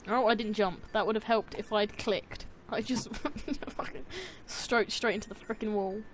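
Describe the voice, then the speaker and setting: A woman's voice: mid-range voice, steady tone, normal speed, a little hiss or hum. A young woman hosting a casual gaming chat, giggling a lot, swearing and egging her friends on. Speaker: gaming channel host.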